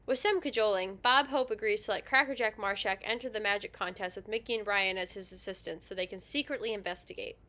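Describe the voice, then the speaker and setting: Bright-voiced woman reading a synopsis. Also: medium pitch, fast, few pauses. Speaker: podcast co-host. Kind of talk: reading a comic episode synopsis.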